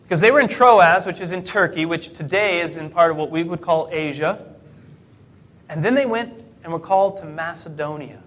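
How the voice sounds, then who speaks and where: A man's voice: fairly high pitch, fairly bright tone, a little hiss or hum. A middle-aged man preaching a sermon in a conversational way, asking rhetorical questions and correcting himself mid-sentence. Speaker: pastor.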